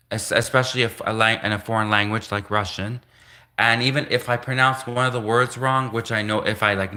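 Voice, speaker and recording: A man hosting a casual livestream, talking in halting bursts and slowly sounding out practice phrases in a language he is learning. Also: mid-range voice, pushed and bright. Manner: halting, restarts, slow careful reading of foreign phrases. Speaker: livestream host.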